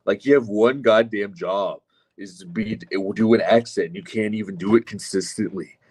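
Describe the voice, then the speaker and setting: A man's voice: on the low side, normal speed, darkish tone, husky. A man streaming live, reading chat comments aloud and answering them with sardonic, profane mockery. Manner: sardonic, mocking, profane asides.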